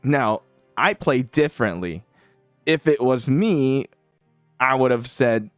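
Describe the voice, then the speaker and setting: A man's voice: medium pitch, lively intonation, slow, pauses often, no room sound, clean studio sound, faint music behind. Chatty man narrating his mobile game. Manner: chatty, laughs often, repeats himself. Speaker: gaming channel host. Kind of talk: casual game commentary.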